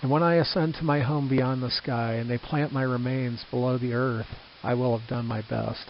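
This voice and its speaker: An older man reading his own reflective book aloud, earnest and measured, with small restarts. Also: mid-range voice, steady tone. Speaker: author narrating his book. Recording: slightly dull with faint hiss.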